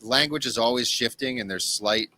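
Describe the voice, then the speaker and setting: A man with a bright, tense, mid-pitched voice chats as a comedian guest. He talks in halting bursts, hedging with filler words. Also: a little hiss or hum. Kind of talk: casual chat.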